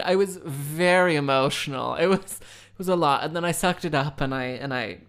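A woman's voice: sits low, moderate pace. A young woman rambling through a casual, sarcastic story, often acting out other people's voices.

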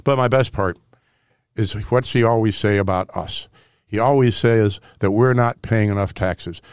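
Sarcastic older man, radio talk host from St. Louis; smooth, clean studio voice, dry sound with faint music under it. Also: lowish voice, moderate pace, darkish tone, dry recording. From St. Louis, Missouri. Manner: combative, sarcastic, mocking impressions. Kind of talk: political talk radio monologue.

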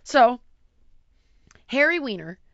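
A middle-aged woman telling a story in casual chat, animated and exasperated, acting out sounds and voices. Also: sits high, slow, dry recording, dull audio.

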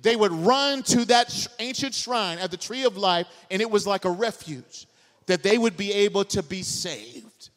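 A pastor preaching a sermon to a live congregation, firing off rhetorical questions and building up to shouts. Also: male voice, high-pitched, long reverb tail. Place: church sanctuary, live congregation.

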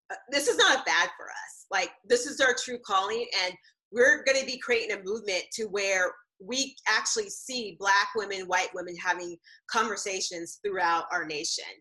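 A woman's voice: mid-range voice, moderate pace, pushed and bright, rough recording. A woman co-hosting a casual live-streamed chat, talking earnestly with many fillers and restarts. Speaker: co-host.

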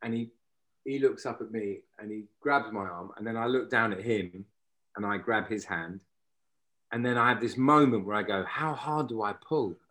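A man, an actor, telling a lively anecdote in a casual interview and swearing freely. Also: on the low side, moderate pace. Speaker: actor and podcast guest.

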